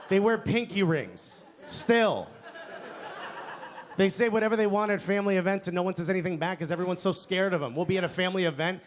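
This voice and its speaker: A man performing a stand-up set on a comedy club stage, talking conversationally and often tagging lines with "okay?" or "you know?". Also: sits high. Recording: live club, loud crowd laughter and noise.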